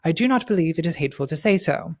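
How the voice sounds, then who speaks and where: A man's voice: fairly high pitch, expressive, fast. A man reading out posts as a prim English woman author, in a mocking put-on English accent. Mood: mock-earnest. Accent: mock English. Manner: mocking, over-precise recital.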